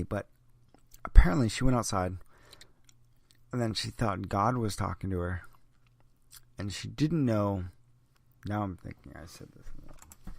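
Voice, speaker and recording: Tipsy, gravelly man rambling profanely. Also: lowish voice, unhurried, long pauses, fairly bright tone, no echo. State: a little drunk. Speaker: podcast host. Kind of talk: rambling solo monologue.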